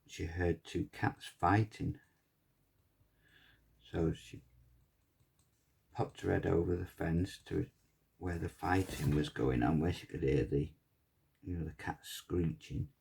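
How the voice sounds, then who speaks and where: A man's voice: low voice, fairly even intonation, takes it slowly, creaky, pauses often, darkish tone, slightly rough. A man giving a casual, rambling pyrography tutorial and chatting as he works. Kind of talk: casual tutorial chat while working.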